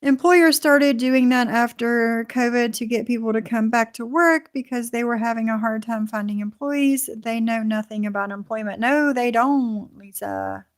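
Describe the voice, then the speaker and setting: Woman streamer, indignant commentator, slightly high voice, reads chat aloud. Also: normal speed, hardly any pauses. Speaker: livestream host. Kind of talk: commentary livestream reacting to clips.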